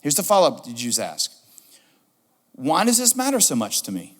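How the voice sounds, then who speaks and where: A middle-aged man preaching a sermon as pastor, animated and repeating his key questions for emphasis. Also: on the high side, a little fast. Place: church sanctuary. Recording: reverberant church hall.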